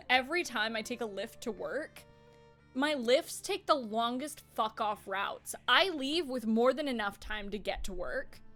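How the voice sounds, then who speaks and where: A high, bright voice on a home streaming mic, with faint music underneath. She chats casually and animatedly, tells her stories with plenty of swearing and laughs often. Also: lively intonation, a little slow. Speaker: streamer host. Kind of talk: casual chat.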